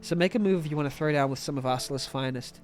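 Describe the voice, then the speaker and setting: A man's voice: a little high, very fast, close to an everyday voice. A man reading the lines of a threatening male ship guard in a blustering way, over game music.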